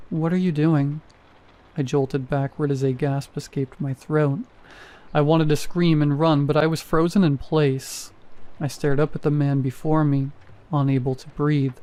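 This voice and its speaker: A man narrating a first-person horror story in a steady, measured reading. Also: fairly high pitch.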